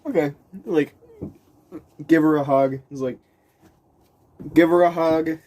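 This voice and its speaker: A man's voice: on the high side, slow pace. A man telling a story casually, rambling and restarting sentences, laughing often and acting out the people he quotes. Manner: animated, voices the people he quotes.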